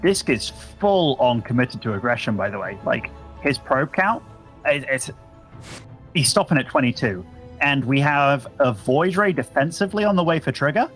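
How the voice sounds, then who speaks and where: A man's voice: medium pitch, expressive, normal speed, fairly bright tone, soft background music. A man casting a live strategy game match, chatty and upbeat, bantering with his co-caster. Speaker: esports caster.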